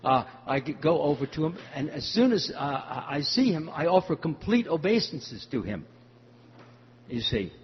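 An older man giving a devotional talk, telling a story in a halting way with many fillers. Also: a little high, very animated. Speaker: spiritual teacher. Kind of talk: devotional talk answering questions. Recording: muffled hall recording with faint hum.

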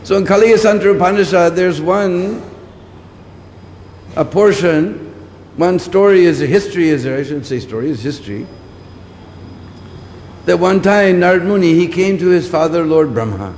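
A preacher lectures on scripture in a high-pitched, animated, slightly mellow voice, at normal speed but with long pauses. He repeats his points and frequently asks "hmm?" to engage listeners. There is long hall reverb and faint background noise.

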